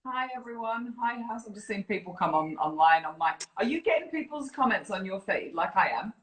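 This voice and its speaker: A woman chatting on a live video call, animated and quick to laugh. Her voice sits mid-range, and the room around her gives it a roomy echo. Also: medium pitch. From New Zealand. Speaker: fitness program director. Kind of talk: casual live chat.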